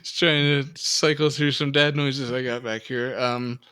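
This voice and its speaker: A man's voice: mid-range voice, fairly even intonation, a little slow, sharp tone, clean tone. A middle-aged man co-hosting a podcast, rambling and self-deprecating in casual chat. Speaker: podcast co-host.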